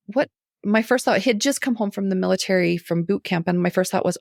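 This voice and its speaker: A middle-aged woman, a guest on a podcast, telling a personal story in casual conversation, animated, acting out her own reactions and laughing often. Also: medium pitch, fast talker, gravelly, no echo, studio quality.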